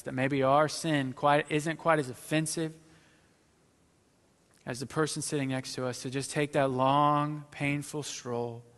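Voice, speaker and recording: A male pastor at mid pitch delivers a sermon, reading scripture and then pressing his points with slow, weighted pauses. His lines often sink to a near hush. The voice carries a long reverb tail, as in a large church sanctuary. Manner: reads scripture then preaches with slow, emphatic pauses and quiet, hushed lines.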